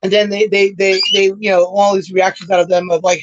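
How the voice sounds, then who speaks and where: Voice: medium pitch, level tone, fairly quick, no room sound. A livestream host in casual chat, rambling and swearing, often tagging sentences with "right?". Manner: rambling, profane, tags lines with "right?". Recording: dull lo-fi stream audio.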